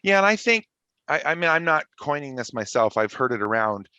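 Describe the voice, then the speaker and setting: Enthusiastic male interview guest, bright voice, dry close sound. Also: fairly high pitch, brisk, clean tone, no echo. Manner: enthusiastic, animated, expansive. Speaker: guest network engineer. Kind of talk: conversational interview.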